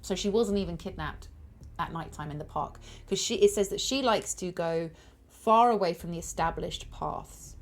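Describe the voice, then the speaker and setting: A woman streaming a detective board game, chatting casually, thinking aloud and thanking viewers as she plays. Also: mid-range voice. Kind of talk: casual chat while playing a board game.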